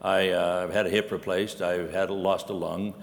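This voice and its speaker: A man's voice: deep voice, little pitch movement, moderate pace, creaky, in a large hall. An older man preaching a sermon in a folksy, rambling way, with many fillers. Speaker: pastor. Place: conference hall.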